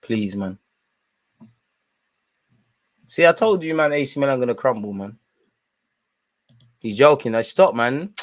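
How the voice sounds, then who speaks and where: Man, twenties, London accent, watchalong host, slangy banter, mid-pitched, dry close sound. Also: a little slow, pauses often, no room sound. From London, England. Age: 20s. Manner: animated storytelling in London slang. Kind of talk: live match commentary and banter.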